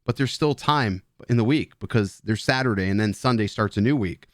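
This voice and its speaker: A man chats loosely on a live stream with a beer in hand, rambling, joking and swearing at his viewers. His voice sits a little low, and the sound is close and dry, with no room around it. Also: fairly quick, dry recording. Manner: rambling, joking, profane banter with chat; drinking beer while talking. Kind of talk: casual live stream chat.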